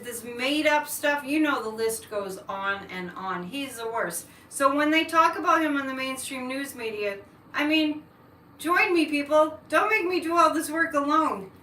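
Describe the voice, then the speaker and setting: Bright-voiced woman ranting on a livestream. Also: sits high, recorded from a distance. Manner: chatty, ranting political asides. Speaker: psychic livestream host. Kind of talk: live-stream chat, reading comments. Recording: echoey room, mic set back.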